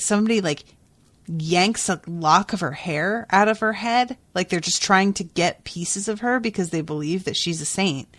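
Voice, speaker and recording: A woman's voice: fairly low pitch, a bit bright, dry recording. A woman hosting a casual book-recap podcast, chatty with lots of fillers and reading passages aloud. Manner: chatty, with frequent "like" and "um" and hummed pauses. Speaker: podcast host.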